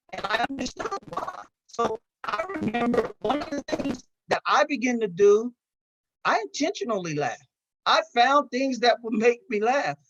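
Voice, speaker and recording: A man's voice: extremely high pitch, fairly bright tone, no room sound, lo-fi sound. Folksy man giving a seminar talk. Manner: conversational, folksy, with frequent restarts and light laughs. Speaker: seminar presenter.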